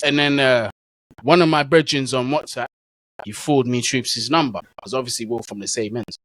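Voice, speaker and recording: A man's voice: mid-range voice, moderate pace, fairly bright tone, dry recording, rough recording. Laid-back man telling stories. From England. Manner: easygoing, slang-heavy storyteller. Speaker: guest, football content creator. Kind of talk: casual storytelling interview.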